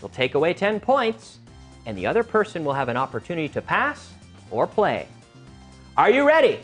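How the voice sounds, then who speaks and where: A man hosting a quiz show and teaching English, energetic and teacherly, stressing intonation. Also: on the high side, brisk, faint music behind.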